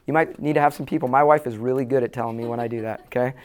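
A man's voice: mid-range voice, steady tone, very fast, few pauses, darkish tone. A man speaking as a pastor to a room of church leaders, earnest and plain-spoken, repeating key lines for emphasis. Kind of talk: conference talk to church leaders. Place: room with a live audience.

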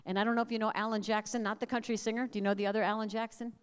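A middle-aged woman speaking at a family camp, preaching earnestly in measured phrases and sharing personal testimony. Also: a little high, flat delivery, clear, resonant tone. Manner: earnest, prayerful, measured cadence with emphatic repeated lists. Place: large hall. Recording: long hall reverb.

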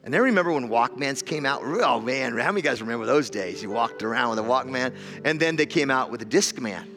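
A man's voice: medium pitch, lively intonation, quick pace, music in the background. A man preaching, telling a story with repeated words and rising intensity. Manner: storytelling, repeats words, builds to loud emotional climax. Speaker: pastor. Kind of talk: sermon. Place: church hall with an audience.

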